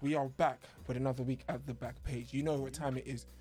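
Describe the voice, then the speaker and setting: Fast-talking podcast host. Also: male voice, mid-range voice, fairly even intonation, darkish tone, soft background music. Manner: hypes up co-hosts, banter. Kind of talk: casual chat.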